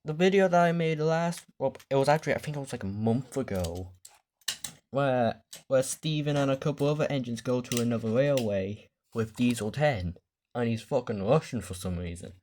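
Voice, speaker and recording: Man, casual show-and-tell vlog, rambling, off-the-cuff, mild cursing, mid-pitched voice. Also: darkish tone. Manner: rambling, off-the-cuff, swears when the camera loses focus. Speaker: toy collector vlogger.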